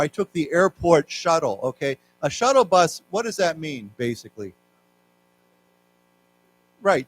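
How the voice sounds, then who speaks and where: A man teaching a live English lesson in a library lecture hall. He explains words and leads the class in repeating them, drawing the model words out slowly. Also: fairly high pitch.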